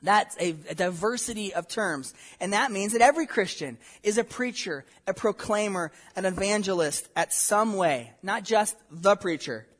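A man's voice: high-pitched, normal speed, few pauses, a bit bright, slightly rough. A man preaching a sermon as pastor, earnest and emphatic, posing rhetorical questions to his congregation.

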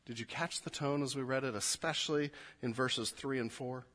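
A man preaching a sermon, moving from quiet, low asides to loud, emphatic readings of scripture. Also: steady tone, moderate pace. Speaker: pastor.

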